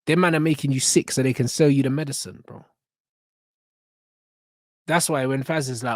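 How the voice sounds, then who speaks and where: A man's voice: mid-range voice, normal speed, a little mellow, no room sound, studio quality. A young man, ranting bluntly with lots of slang and swearing as he reacts to a video. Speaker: reaction channel host.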